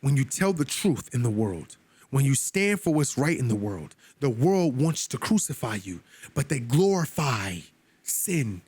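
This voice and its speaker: Man, Bible study teacher, husky voice, lively swooping pitch, emphatic preaching. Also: unhurried, no room sound. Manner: emphatic, preacherly, pitch climbing on stressed words; casual asides to listeners.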